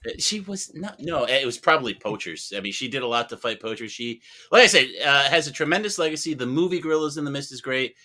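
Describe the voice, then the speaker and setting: A man on a podcast panel, recommending a film with dry, deadpan humor. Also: medium pitch, quick pace, hardly any pauses. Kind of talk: casual podcast chat.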